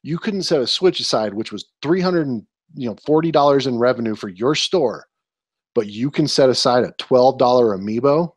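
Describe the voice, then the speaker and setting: A man's voice: mid-range voice, lively intonation, moderate pace, breathy edge, dry recording. A man in his twenties co-hosting a casual podcast, telling annoyed stories with an exasperated, ranting manner. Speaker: podcast co-host.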